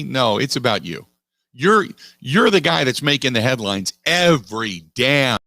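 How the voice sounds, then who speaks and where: Emphatic, bright-voiced sports radio host. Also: male voice, mid-range voice, a little slow, gravelly, no room sound, clean studio sound. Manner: animated, emphatic, repeats phrases. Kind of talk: sports talk radio monologue. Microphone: studio microphone.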